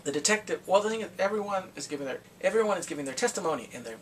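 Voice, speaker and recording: A man recapping a TV drama in a casual vlog, chatty and excitable, acting out the scenes. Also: sits high, very fast, distant mic, slight background noise, rough recording. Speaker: drama reviewer.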